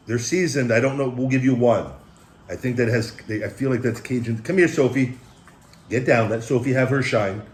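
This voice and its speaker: A man's voice: medium pitch, lively intonation, normal speed, reverberant, a little hiss or hum. Rambling laid-back man. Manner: rambling, laid-back, calls himself the big guy. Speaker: food review vlog host. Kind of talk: casual chat. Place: home room with pet dogs.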